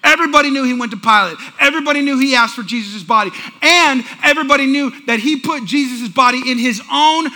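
A man's voice: extremely high pitch, fast talker, hardly any pauses. A man preaching a sermon with humor, telling family stories and talking directly with the congregation. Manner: animated, acts out family scenes; talks with the congregation. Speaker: pastor.

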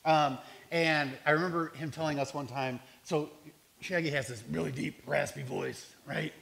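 A man's voice: on the high side, fairly even intonation, normal speed, creaky, a bit bright. A man who works in homeless outreach, telling stories about the people he serves in an earnest, reflective way, with some restarts. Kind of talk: storytelling talk.

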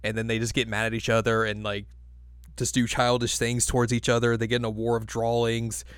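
A man in a relaxed podcast chat with a mid-range voice and a close, dry sound. He recaps the story between laughs. He often slips into quick silly character voices. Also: mid-range voice, clear, resonant tone, no echo. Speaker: podcast co-host recapping an anime episode. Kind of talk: casual chat.

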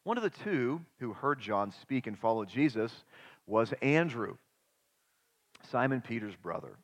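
A man preaching a sermon as pastor, emphatic, posing rhetorical questions and dropping suddenly to quiet. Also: mid-range voice, big pitch swings, measured pace, muffled recording. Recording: long hall reverb.

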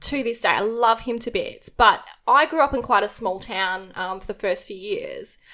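A woman's voice: medium pitch, sing-song, normal speed, pushed and bright. A young woman telling a childhood story in casual podcast chat, with lots of ums and likes. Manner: chatty storyteller, many fillers.

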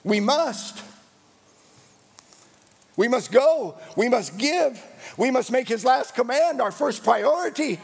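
A man's voice: very high voice, expressive, takes it slowly, creaky, long pauses, slightly rough, long reverb tail. A man preaching a sermon as pastor, with an emphatic, repetitive cadence.

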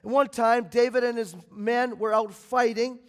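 A man preaching a sermon as pastor, swinging between loud emphatic bursts and quiet, low passages. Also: flat delivery, moderate pace. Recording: long hall reverb.

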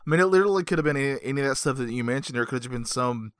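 A man co-hosting a casual podcast, halting and repeating words as he starts. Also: medium pitch, lively intonation, no room sound. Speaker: podcast co-host. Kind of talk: casual chat.

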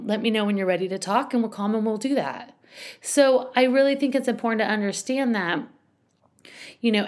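A middle-aged woman hosting a podcast, giving casual parenting advice in a chatty way full of "you know" and "like". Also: medium pitch. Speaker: parenting podcast host and school educator.

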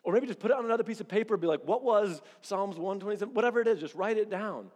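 Animated man preaching in a reverberant hall. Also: high-pitched, rapid-fire. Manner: conversational, animated preaching with acted-out quotes. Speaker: pastor. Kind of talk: sermon. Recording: long reverb of a large hall.

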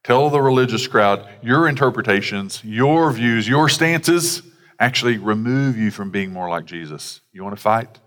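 A man's voice: medium pitch, expressive, normal speed, a bit bright. A man, a pastor, preaching a sermon in a conversational way with casual asides. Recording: long hall reverb.

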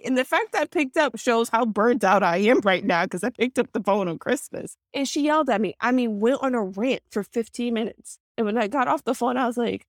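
A woman guest in a casual podcast interview, telling workplace stories in a lively way and acting out heated exchanges. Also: on the high side, brisk, few pauses, no echo, studio quality.

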